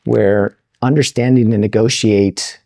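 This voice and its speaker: A man's voice: lowish voice, steady tone, a little slow, vocal fry, mellow, no room sound, studio quality. A male podcast host asking long, rambling questions with many restarts. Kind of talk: interview questions. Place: Las Vegas.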